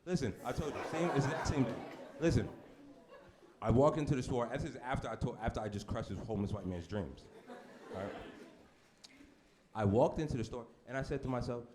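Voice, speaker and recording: A man performing a brash stand-up comedy set on a club stage, with deadpan shock delivery and asides to the crowd. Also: mid-range voice, fairly quick, pauses often. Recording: noisy live club recording. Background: audience laughter.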